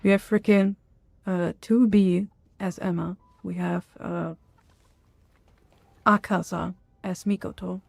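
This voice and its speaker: A woman streaming a video game, giving low-key, wry and exasperated commentary. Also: fairly even intonation, slow, creaky, no echo. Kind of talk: casual live-stream commentary.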